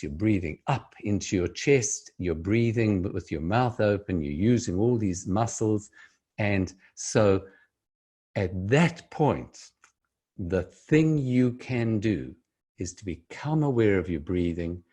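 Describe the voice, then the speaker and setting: Slow deep husky man explaining calmly. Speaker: speaker giving breathing advice. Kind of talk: calm explanatory talk to camera.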